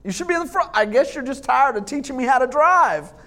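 A man voicing a nervous sixteen-year-old boy who just got his driver's license, in a squeaky, rushed voice. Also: expressive, sharp tone, full character voice. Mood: puzzled.

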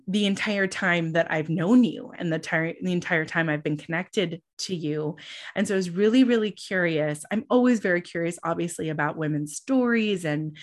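Gushing, low-pitched woman hosting a podcast. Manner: gushing, enthusiastic, lots of fillers. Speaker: podcast host. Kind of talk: casual podcast interview.

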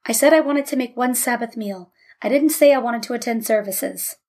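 A woman's voice: on the high side, moderate pace, a little mellow. Woman doing a weary careful father. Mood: quiet. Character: weary, cautious middle-aged father.

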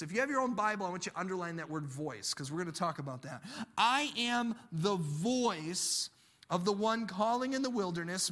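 Bright, high-voiced preaching man. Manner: earnest, emphatic preaching with dramatic pauses. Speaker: pastor. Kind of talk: sermon.

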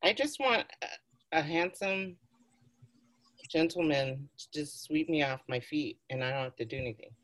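A woman's voice: deep voice, normal speed, long pauses, a bit bright. A woman co-hosting a podcast in casual chat, making short wry, self-mocking remarks. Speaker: podcast co-host.

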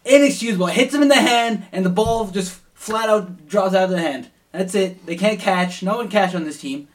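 A man's voice: sits high, normal speed. A man co-hosting a casual sports betting podcast, rambling and profane, heated about bad play. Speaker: podcast co-host.

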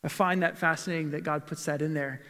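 A man's voice: fairly high pitch, steady tone, fast talker, bright, forceful tone. A male pastor giving a sermon in a church, asking rhetorical questions and reading scripture aloud. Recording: long reverb of a large hall.

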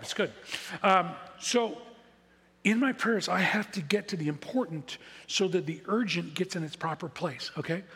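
Man, pastor, sermon, high voice, husky, long hall reverb. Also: fairly bright tone. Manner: conversational, self-deprecating preaching with emphatic repetition. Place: church sanctuary.

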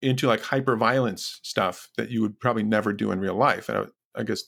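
A man's voice: fairly low pitch, brisk, vocal fry, fairly bright tone. A man hosting a podcast interview in casual talk, hesitant and full of fillers. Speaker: podcast host.

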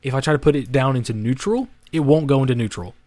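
Young male podcast co-host, mid-pitch voice, swears a lot, rambling, dry close sound. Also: fast, a little mellow, no room sound. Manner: rambling, heavy swearing, many restarts and "like" fillers. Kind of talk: casual storytelling.

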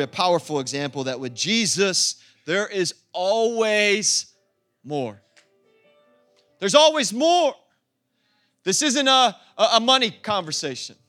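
Male pastor, energetic sermon, high voice, faint music behind. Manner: energetic, laughing, acts out quoted voices. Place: church.

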